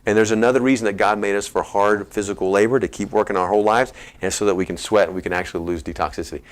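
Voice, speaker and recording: Energetic Texan man coaching a crowd. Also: on the low side, rapid-fire. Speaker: chiropractor giving a health talk. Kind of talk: lively seminar talk to a live audience.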